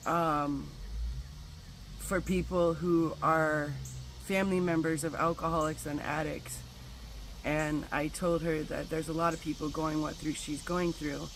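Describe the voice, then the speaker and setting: A woman's voice: low voice, little pitch movement, unhurried, a little hiss or hum, poor audio. Candid middle-aged woman telling a story. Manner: candid, casual swearing, spiritual talk. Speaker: wellness vlogger. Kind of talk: personal storytelling monologue.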